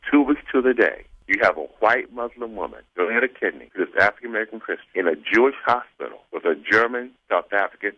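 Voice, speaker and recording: A low-voiced man from South Central Los Angeles races through a personal story on a radio show. He acts out each quoted exchange as he goes. The recording is dull and lo-fi, with a dry sound. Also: dry recording. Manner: animated storyteller acting out quoted dialogue. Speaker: guest telling his story. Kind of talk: storytelling interview.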